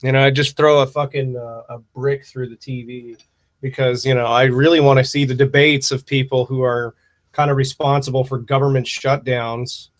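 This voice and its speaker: A man hosts a loose livestream Q&A, with a wry, rambling delivery full of swearing. His voice sits at an ordinary middle pitch. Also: little pitch movement, normal speed. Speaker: livestream host answering viewer questions. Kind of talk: casual livestream chat.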